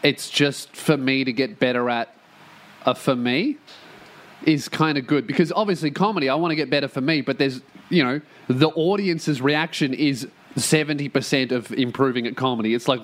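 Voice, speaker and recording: A man's voice: on the high side, normal speed. A man hosting his own podcast, rambling casually and profanely with self-mocking jokes, recorded in a room at a shared workplace. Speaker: podcast host.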